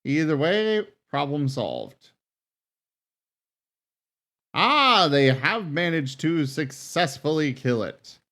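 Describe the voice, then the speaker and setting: A man's voice: fairly high pitch, very animated, slow, long pauses, pushed and bright. A man playing a game on stream, reacting aloud to it in a playful, casual way. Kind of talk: casual let's-play commentary.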